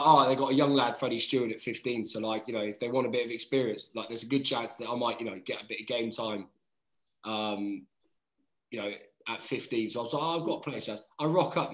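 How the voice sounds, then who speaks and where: A man in his thirties tells stories in casual podcast chat. He is animated, swears freely and calls everyone "mate." His voice sits at an ordinary pitch, and the room around him is noticeably roomy. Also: fast. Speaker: guest, rugby player. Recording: roomy echo.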